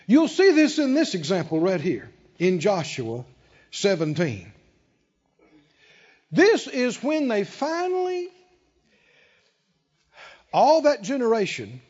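A man's voice: high voice, very animated, slow, pauses often, a little mellow, big-room sound, lo-fi sound. A man preaching a sermon, emphatic and calling out to the congregation. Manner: emphatic, call-and-response preaching.

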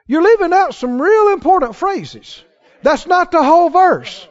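A man with a very high voice preaches with lively, swinging pitch. He keeps asking his congregation questions. The recording sounds dull and lo-fi. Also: a little slow. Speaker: pastor. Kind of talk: sermon.

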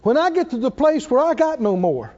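A man preaching a sermon with passion, swinging from quiet low passages to loud peaks. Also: big pitch swings, a little fast. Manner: impassioned, rising to loud peaks and dropping low. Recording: dull lo-fi sound.

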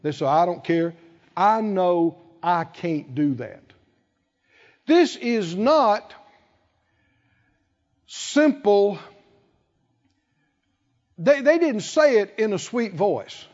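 A man preaching a sermon with emphasis, acting out quoted voices and building to loud peaks. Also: sits high, expressive, extremely slow, long pauses. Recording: dull, reverberant hall sound.

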